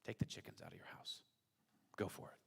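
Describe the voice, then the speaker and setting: A pastor voicing a calm, wise rabbi who gives advice in a measured, soft-spoken way. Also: male voice, fairly high pitch, voice pushed up. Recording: church hall reverb.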